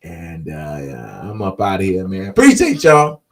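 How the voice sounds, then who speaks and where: A man's voice: low voice, wildly swooping pitch, unhurried. A man hosting a casual podcast, talking in a laid-back, slangy way and answering people in the comments. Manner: closes with an upbeat pep talk. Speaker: podcast host. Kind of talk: casual talk to viewers.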